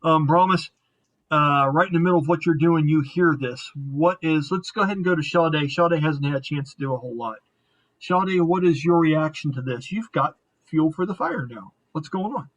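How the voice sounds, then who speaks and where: This man narrates a tabletop game as its game master. His voice is fairly high for a man. He talks in a casual, rambling way with some swearing. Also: moderate pace, a bit bright, dull audio.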